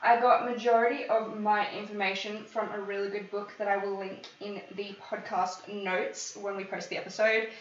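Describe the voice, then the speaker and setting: A woman's voice: mid-range voice, flat delivery, moderate pace, few pauses, slight background noise. A woman hosting a casual true-crime podcast, chatty and often stumbling over names. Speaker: podcast host. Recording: echoey room, far from mic, dull lo-fi sound.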